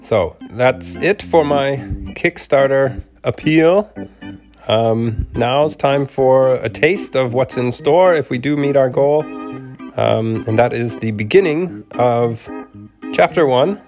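Slow-talking man with a cold. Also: mid-range voice. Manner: relaxed, with fillers and soft laughs. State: has a cold. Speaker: podcast host and narrator. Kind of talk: casual appeal and storybook narration. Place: home recording studio.

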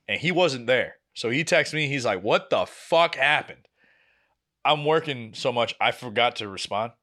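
A young man co-hosting a podcast, chatting casually and telling an animated story, acting out the people he quotes. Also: medium pitch. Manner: animated storytelling, acts out quoted family members. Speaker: podcast co-host. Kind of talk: casual chat.

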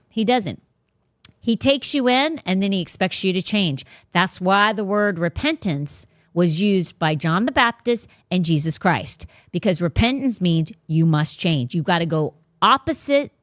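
A woman's voice: lowish voice, animated, normal speed, no room sound. Emphatic woman host, casual faith talk, dry close sound. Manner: blunt, emphatic, preachy. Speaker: podcast host.

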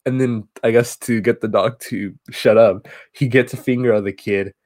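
A man's voice: medium pitch, fairly even intonation, a little mellow, no echo. A man co-hosting a podcast, casually retelling a movie plot in a rambling way. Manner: rambling retelling with quick acted quotes. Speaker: podcast co-host. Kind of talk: casual movie recap chat.

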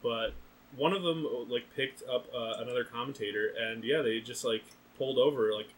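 A young man hosting a podcast, casually telling an animated story, acting out other people's lines and laughing often. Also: medium pitch, moderate pace, slight background noise, low-quality recording. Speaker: podcast host.

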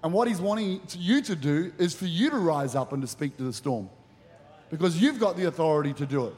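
A man preaching with a high voice and a lively, animated delivery. He acts out the people in his stories as he goes. The sound carries the long reverb of a large church auditorium. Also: a little fast. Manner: animated, acts out quotes in the story. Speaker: pastor. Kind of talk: sermon.

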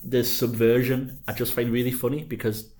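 A man's voice: medium pitch, level tone, moderate pace, darkish tone. A man co-hosting a podcast, jokey and sweary. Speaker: podcast co-host. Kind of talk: casual chat about wrestling.

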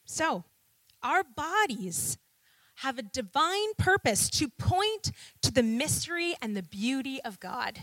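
A woman's voice: high voice, big pitch swings, takes it slowly, fairly bright tone, no echo. A woman preaching a sermon to a congregation, with rhetorical questions and call-and-response.

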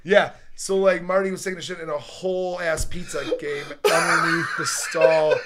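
A man's voice: on the high side, steady tone, a loud crowd. A man co-hosting a podcast, telling a bar story with swearing and frequent laughter. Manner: laughing, profane, quick to jump in. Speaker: podcast co-host. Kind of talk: casual storytelling chat.

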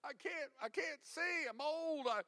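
Preacher guy doing god as a high twangy southern old fella, teasing drawl. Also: measured pace, bright, forceful tone, heavily acted. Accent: put-on Southern US.

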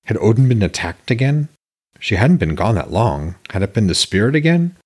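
A man narrating his own fantasy novel as an audiobook, in a measured, descriptive storytelling voice. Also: lowish voice, sing-song.

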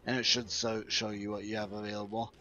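A man's voice: lowish voice, little pitch movement, fast talker, a loud crowd. A man as game master, patiently explaining rules and narrating a tabletop game. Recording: dull lo-fi audio.

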